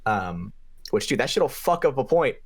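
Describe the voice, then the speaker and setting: A young man co-hosting a podcast, telling a game story in a casual, profane way, with his voice jumping up in pitch for emphasis. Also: very animated, normal speed. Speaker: podcast co-host and paintball player.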